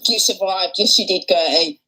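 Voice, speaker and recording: A woman's voice: lowish voice, normal speed, bright, forceful tone, soft background music, rough recording. A woman hosting a casual livestream, talking bluntly and swearing often. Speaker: livestream host. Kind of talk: casual live commentary.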